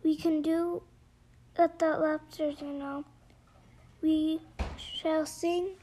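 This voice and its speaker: A woman's voice: sits high, level tone, slow pace, slight background noise. Mock Turtle, a weepy sea creature, read by a woman. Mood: sorrowful. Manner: mournful, sighing, sometimes hushed. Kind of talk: storybook read-aloud.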